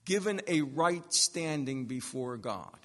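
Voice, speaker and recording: A pastor preaching a sermon, slow and emphatic, with long pauses and rising swells of force. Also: male voice, medium pitch, expressive, long reverb tail.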